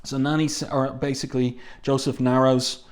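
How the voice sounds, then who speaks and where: Man, comic reviewer, casual talk, middle pitch, reads panel dialogue aloud. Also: flat delivery, normal speed. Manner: reads dialogue aloud in a low, hushed tone, with fillers.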